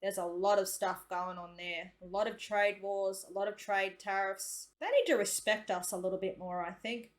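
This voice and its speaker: A woman's voice: mid-range voice, moderate pace, hardly any pauses. Chatty Australian woman reacting. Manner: chatty, uses slang like mate and reckon. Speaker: reaction video host. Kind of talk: casual reaction commentary.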